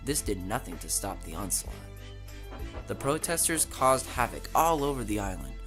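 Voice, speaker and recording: A man narrating a train storybook with an expressive, dramatic delivery. His pitch rises and falls in a lively way, and faint music plays underneath. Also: normal speed.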